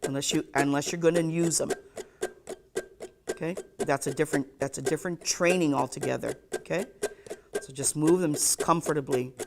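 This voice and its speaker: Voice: medium pitch, fairly even intonation, normal speed, vocal fry, music in the background. A ukulele teacher giving a live online lesson, counting beats aloud and checking in with "okay?" after nearly every point.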